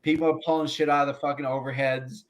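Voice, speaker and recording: Swearing comedian telling a story. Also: male voice, on the high side, quick pace. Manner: profane, animated anecdote-telling with laughs. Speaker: comedian guest. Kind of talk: storytelling in a podcast interview.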